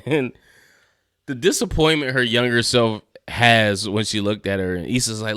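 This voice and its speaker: A man's voice: medium pitch, normal speed, a bit bright, smooth, no echo, studio quality. A man casually reviewing and recapping a TV episode, laid-back and slangy, chuckling as he retells scenes. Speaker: TV show reviewer.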